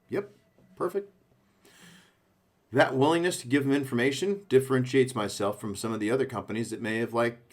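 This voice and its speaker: A man coaching a sales team, speaking in short punchy phrases and checking in with the listener often. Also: mid-range voice. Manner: punchy, coaching, frequent "okay?" check-ins. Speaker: sales trainer. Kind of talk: sales training talk.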